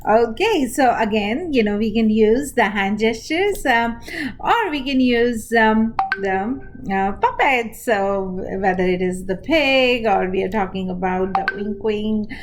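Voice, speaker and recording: A woman preschool teacher with an Indian English accent, calmly explaining an activity step by step, pausing often as she goes. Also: on the high side. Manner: unhurried, explaining step by step with pauses. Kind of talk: instructional talk to parents and teachers.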